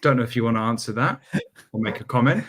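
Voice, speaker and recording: A man with an ordinary mid-pitched voice reads listener questions aloud on a podcast. He pauses and trips over unfamiliar names. His delivery stays easygoing and plain. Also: a bit bright. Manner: halting, stumbles over names. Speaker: producer reading listener questions.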